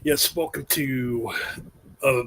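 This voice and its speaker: A man's voice: mid-range voice, takes it slowly, a bit bright, slight background noise. A man hosting a casual livestream hangout in a laid-back way, enthusing about bands. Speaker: host. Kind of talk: casual chat.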